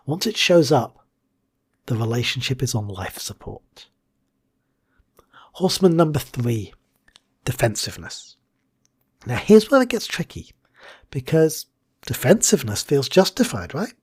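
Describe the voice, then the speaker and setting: Husky man with dramatic whispered drops. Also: medium pitch, sing-song, a little slow, pauses often. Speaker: hypnotherapist and coach. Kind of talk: scripted educational monologue.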